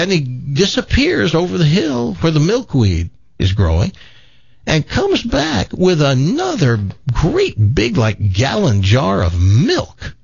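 A male radio host spins a country joke, his voice gravelly and a bit husky, rising and falling a lot as he plays each character. The sound is dry and slightly muffled, like off-air broadcast audio. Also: fairly high pitch, wildly swooping pitch, measured pace, dry recording. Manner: folksy storyteller doing character voices.

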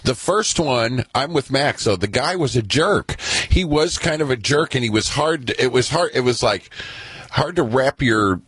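A man's voice: mid-range voice, lively intonation, a little slow, a bit bright, husky, dry recording. A man co-hosting a radio show, bantering and joking with the others. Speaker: radio co-host. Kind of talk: casual radio chat. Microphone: studio mic.

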